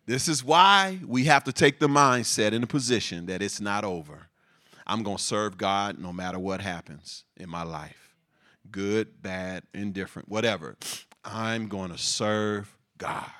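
Bright-voiced, animated male preacher. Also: fairly low pitch, unhurried. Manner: animated, laughing asides, repeats words for emphasis. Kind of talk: sermon.

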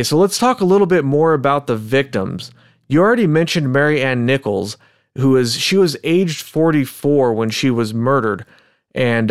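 A man with a mid-range voice co-hosts a casual true-crime podcast. He reads old inquest testimony in a measured, deliberate way. The sound is dry and close, with no room echo. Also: medium pitch, clear, resonant tone. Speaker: podcast co-host.

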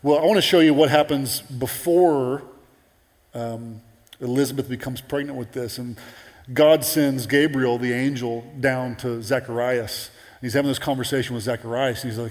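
A man preaching a sermon in an animated, conversational way with playful asides. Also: mid-range voice, moderate pace, long reverb tail.

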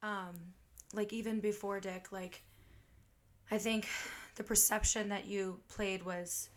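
A woman's voice: medium pitch, little pitch movement, slow. Blunt, teasing woman in casual chat. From Huntley, Illinois. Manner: blunt, teasing, swears freely.

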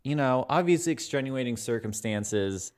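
A man's voice: medium pitch, moderate pace, clear, resonant tone. A man co-hosting a podcast, telling stories in casual chat and acting out other people's lines. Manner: animated storyteller, acts out voices. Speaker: podcast co-host.

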